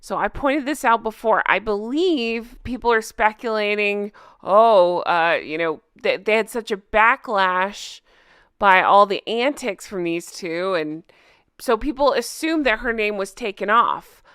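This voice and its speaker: Animated sarcastic woman ranting. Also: medium pitch, unhurried, smooth, no room sound, studio quality. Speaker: commentary channel host. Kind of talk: casual ranting commentary.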